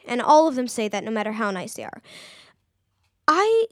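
A woman's voice: a little high, very animated, moderate pace, pauses often, dry recording, clean studio sound. A young woman co-hosting a podcast in casual chat, bubbly and rambling with giggles. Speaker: podcast co-host.

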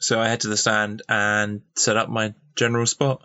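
A man's voice: on the low side, completely flat delivery, normal speed, bright, forceful tone, no room sound. A man playing in a tabletop game, talking casually with stammering restarts, on a slightly muffled mic. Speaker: player.

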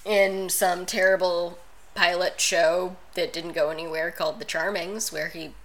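Sarcastic woman with a bright voice. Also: fairly low pitch, unhurried. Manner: sarcastic, deadpan put-downs. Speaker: podcast co-host. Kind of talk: casual movie-review chat.

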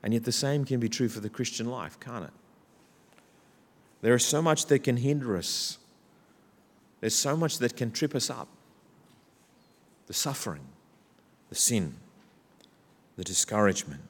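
A man's voice: medium pitch, animated, measured pace, pauses often. Man preaching in a reverberant church. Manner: builds from quiet to loud, rousing. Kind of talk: sermon. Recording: church hall with long reverb.

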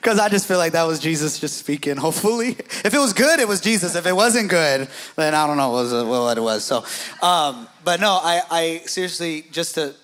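A man's voice: a little high, expressive, a little fast, a bit bright. A man who is a pastor, hosting a casual conversation and speaking emphatically. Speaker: pastor, host.

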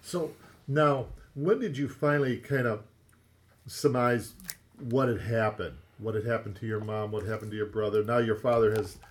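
A man hosts a radio talk show in a relaxed, conversational manner. He prompts his guest with questions and breaks off to mention a book and the call-in line. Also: fairly low pitch, normal speed. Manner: conversational, plugs the book and gives the call-in number.

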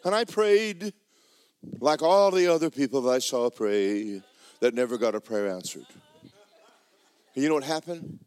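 A man preaching a sermon, joking with the congregation and breaking into loud shouts. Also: medium pitch, expressive, unhurried, pauses often, clean tone, no echo. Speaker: pastor.

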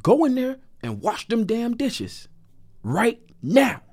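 A man's voice: extremely high pitch, wildly swooping pitch, slow pace, breathy edge, voice pushed up, full character voice. A man voicing his furious, domineering middle-aged father, who barks orders. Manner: barking, bossy, shouting orders.

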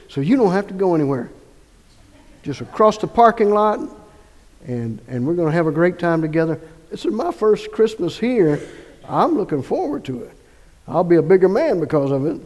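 A man's voice: a little high, darkish tone. A man preaching a sermon as pastor, emphatic, with restarts and swells of emphasis. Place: church sanctuary. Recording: long church reverb.

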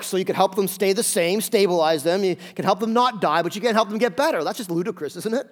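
High-voiced male pastor preaching. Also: fast talker, hardly any pauses. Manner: conversational and animated, asks the congregation questions. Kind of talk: sermon. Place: church.

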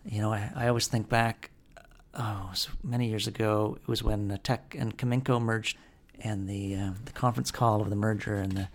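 A man's voice: lowish voice, fairly even intonation, normal speed. A man hosting a podcast, giving casual market commentary in a conversational way, with frequent fillers and restarts. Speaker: podcast host.

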